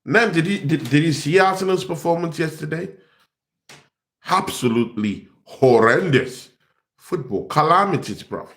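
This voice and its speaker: A man's voice: on the high side, expressive, moderate pace, a bit bright. A young man, host of a football fan channel, ranting in exasperation and repeating himself. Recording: echoey room.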